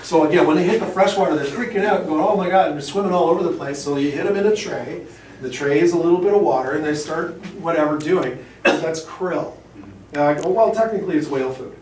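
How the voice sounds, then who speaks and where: Indoors at a fish shop, an oyster shucker gives staff a rambling, jokey hands-on talk, acting out little quotes along the way. His voice is a little high and darkish, and he speaks fairly quickly. The recording sounds roomy, with a distant camera and a faint hum.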